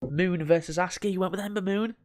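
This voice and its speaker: Joking young man, slightly high voice. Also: fairly even intonation, quick pace. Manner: joking, swears casually, reads lists aloud. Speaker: podcast co-host. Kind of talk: casual chat.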